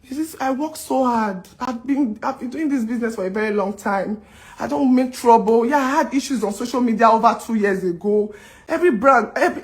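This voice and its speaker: A woman speaking straight to her audience, pleading and indignant, repeating herself as she rejects claims made about her. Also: on the high side. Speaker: business owner responding to online claims. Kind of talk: emotional direct-to-camera rant.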